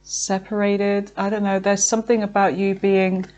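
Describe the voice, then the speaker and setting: A woman giving a casual tarot reading, chatty and filled with fillers, talking to herself as she pulls cards and sometimes slowing down to draw out her words. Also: mid-range voice, flat delivery, a little mellow, muffled recording. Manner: chatty, with frequent fillers and self-talk. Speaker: tarot reader.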